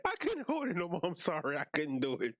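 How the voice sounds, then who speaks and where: A man's voice: a little high, wildly swooping pitch, a little fast, background noise. A young man doing casual reaction commentary in a slangy, laid-back way, mostly talking to himself. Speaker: YouTuber.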